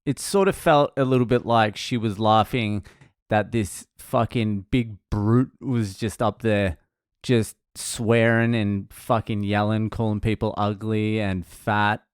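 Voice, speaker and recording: A stand-up comedian recounting gigs in a casual monologue, blunt and self-mocking, swearing freely. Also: male voice, fairly low pitch, steady tone, slow, clean tone, dry recording, studio quality.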